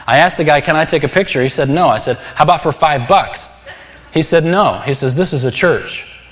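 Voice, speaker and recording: A man's voice: on the high side, a little fast, fairly bright tone, a little hiss or hum. A man preaching a sermon, talking in an earnest, conversational way and stressing key words emphatically. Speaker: pastor. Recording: long hall reverb.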